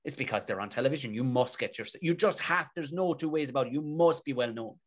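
A man's voice: medium pitch, fast talker. A man with a Tipperary Irish accent, a comedic actor telling a story in an interview, swearing freely and rambling with restarts. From Tipperary, Ireland.

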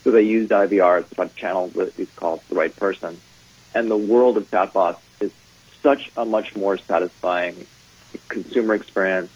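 A man as a guest on a casual panel, agreeing and explaining in a measured way. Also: low-pitched, a little mellow, husky. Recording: dull lo-fi audio.

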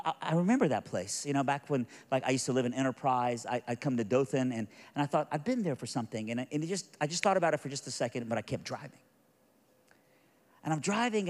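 A middle-aged man preaching a sermon as a personal story, animated and stumbling over restarts as he builds excitement. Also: medium pitch. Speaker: pastor. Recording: long hall reverb.

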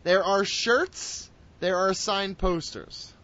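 A man hosting a casual wrestling podcast, loud and excitable, with swearing banter. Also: high voice, slow. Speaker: podcast host. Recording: dull lo-fi audio.

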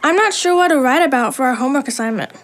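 A woman voicing a modest, helpful, soft-spoken schoolgirl in a children's audio drama. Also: high voice, lively intonation, racing.

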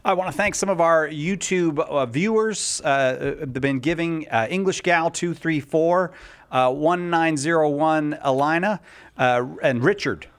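A man's voice: on the high side, a little slow, smooth. A man hosting a call-in radio show, introducing callers and joking in mock offense. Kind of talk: casual radio banter.

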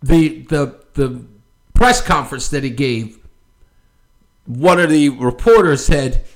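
A man's voice: mid-range voice, slow pace. A man hosting a talk show, ranting with frequent laughs and loose fillers. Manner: ranting, animated, laughs often, many fillers. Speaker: show host. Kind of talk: opinionated political commentary.

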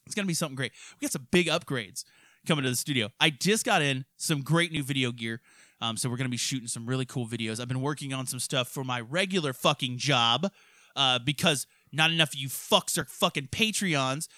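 A man hosting a casual podcast from his studio, ranting and swearing constantly with loud outbursts. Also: medium pitch, brisk, no echo. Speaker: podcast host. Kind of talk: profane ranting podcast chat.

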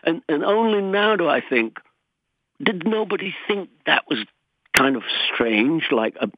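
A man's voice: fairly high pitch, lively intonation, measured pace, no room sound. Chatty older Englishman on a phone line. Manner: chatty, self-mocking, sings snatches of songs. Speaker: guest musician. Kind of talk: casual interview chat. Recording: tinny dry phone line.

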